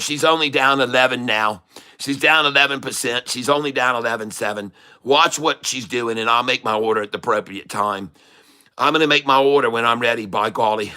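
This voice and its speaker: Man, middle-aged, live trading commentary, sharp bright voice, smooth and clear tone, repetitive hype, playful put-on accent. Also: medium pitch. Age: middle-aged or older. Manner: puts on a playful foreign accent to mix things up; repetitive, hype-style urging to buy and sell. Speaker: day trader and channel host.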